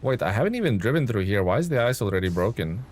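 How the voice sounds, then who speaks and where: A man's voice: on the low side, big pitch swings, fast talker, a little mellow. A man live-streaming a truck game, chatting to viewers, thanking them and thinking aloud with ums and chuckles. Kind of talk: live gameplay stream commentary.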